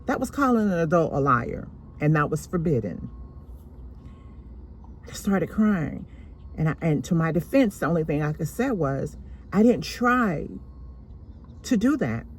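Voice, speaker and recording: A woman slowly and deliberately telling a painful personal story from her childhood. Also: deep voice, big pitch swings, a little hiss or hum. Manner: slow, deliberate, emotional retelling.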